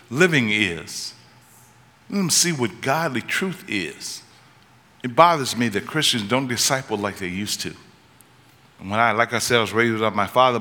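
A man preaching a sermon, telling stories and rising to urgent, high-pitched climaxes. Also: sharp tone. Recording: long reverb of a large hall.

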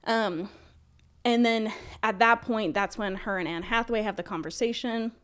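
A woman co-hosting a podcast in casual chat, talking in a rambling, profane, animated way. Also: a little high, normal speed. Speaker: podcast co-host.

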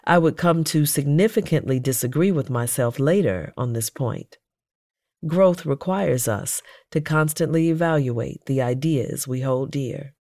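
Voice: medium pitch, lively intonation, a little slow, warm tone, dry recording. Dry, close memoir narrator. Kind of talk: first-person memoir narration read aloud.

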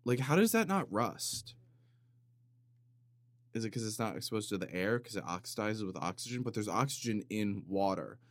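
A man hosting a comedic solo podcast, rambling in a deadpan way with sudden loud bursts and some vocal fry. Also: on the low side, normal speed. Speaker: podcast host. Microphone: studio microphone.

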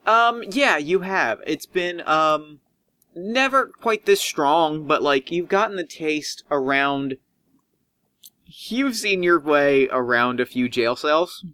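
A man running a tabletop game as game master, narrating in a loose, rambling way. His voice sits a bit high and bright, and the sound is dry and close. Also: expressive, slow pace, clear, resonant tone, dry recording. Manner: casual, rambling with fillers.

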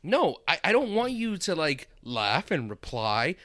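A man's voice: fairly high pitch, sing-song, unhurried, pushed and bright, no room sound, studio quality. A man co-hosting a podcast in casual chat, with a teasing, wry sense of humor. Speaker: podcast co-host.

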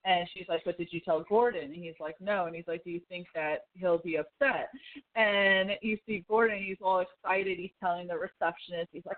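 A talkative podcast co-host recaps a TV episode in loose, meandering casual chat, breaking into laughter and lots of "um" and "like". The voice sits at a middle pitch, and the sound comes through thin and squeezed like a phone call. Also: steady tone, moderate pace. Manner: rambling, laughing, full of fillers and acted quotes. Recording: tinny phone-like line.

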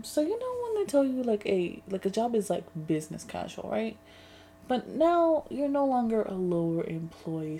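Young woman ranting about the world, gravelly mellow voice, swears a lot, faint hum behind. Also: lowish voice. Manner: rambling, venting, swears often, sarcastic asides. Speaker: vlogger. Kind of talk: casual chat.

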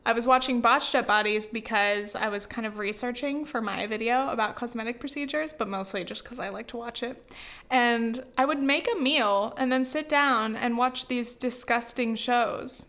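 A young woman from the US West Coast rambles through a casual vlog, her voice pitched a little high. She fills her talk with "like" and "you know", with sighs and laughs scattered through. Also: fairly even intonation, moderate pace, fairly bright tone. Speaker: vlogger.

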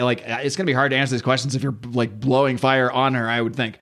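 A man's voice: medium pitch, quick pace, a bit bright. A man hosting a casual podcast, chatting about a comic, laughing often and reading lines aloud in voices. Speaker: comic book podcast host. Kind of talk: casual chat recapping a comic.

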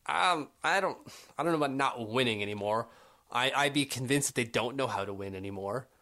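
A man's voice: medium pitch, a little fast, pushed and bright. A man co-hosting a casual sports podcast, arguing his points and getting worked up in exasperated rants. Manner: argumentative, rising to exasperated rants. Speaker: podcast co-host.

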